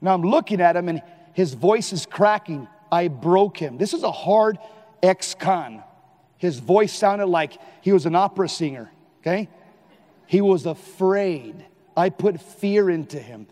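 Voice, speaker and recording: Male lay preacher, high-pitched, emphatic and animated, recorded in a reverberant hall. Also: measured pace. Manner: animated, emphatic, at times shouting. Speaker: Catholic lay speaker. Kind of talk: live preaching talk.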